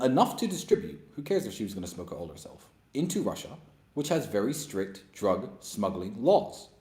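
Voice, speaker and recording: A man's voice: mid-range voice, mellow. A man in his thirties giving a blunt, scornful opinion monologue as a commentator. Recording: roomy echo.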